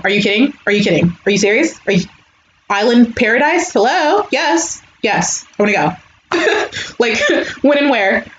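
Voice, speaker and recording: A chatty young woman hosts a live stream, talking to her viewers in a casual way. The recording is a little dull and roomy, with a faint hiss behind her. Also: mid-range voice. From California, USA. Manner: chatty, animated, reads out viewer comments. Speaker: YouTuber hosting a live stream.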